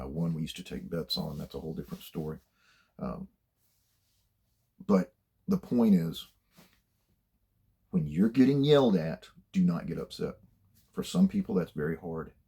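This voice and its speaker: A man's voice: low voice, big pitch swings, normal speed, gravelly, long pauses, mellow, slightly rough. An older man giving blunt, plainspoken career advice in a casual monologue, swearing freely as he tells stories from his working life. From United States.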